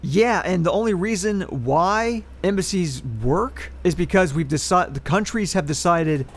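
Slightly high man presenting podcast history. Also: expressive, measured pace. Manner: reads historical facts, then adds wry political asides. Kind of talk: casual podcast chat.

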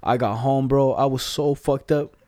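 A young man telling a story to a friend in casual chat, slangy and animated, laughing often. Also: mid-range voice, moderate pace, no room sound.

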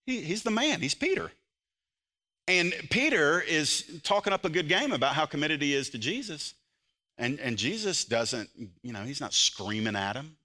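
A man preaching a sermon as pastor, moving between loud, impassioned emphasis and quiet, earnest intensity. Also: on the high side, big pitch swings, moderate pace.

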